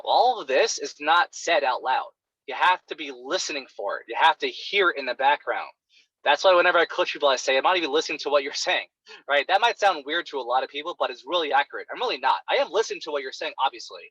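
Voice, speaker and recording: A man coaching others in sales technique, animated and demonstrative as he plays out client reactions. His voice is bright and pitched a little high. The sound is dry and dull, like lo-fi call audio. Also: dry recording.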